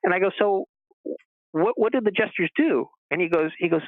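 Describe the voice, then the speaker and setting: Animated male storyteller over a phone line. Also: sits high, brisk, no echo. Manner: animated storyteller who acts out quoted dialogue in a raised voice. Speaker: interview guest. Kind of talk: casual storytelling interview.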